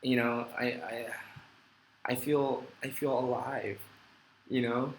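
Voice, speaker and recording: Speaking slowly and steadily in a medium pitch, a middle-aged man reads viewer comments aloud on his live question-and-answer stream, heartfelt and rambling, poking fun at himself. The desk-mic recording is rough and reverberant with slight background noise.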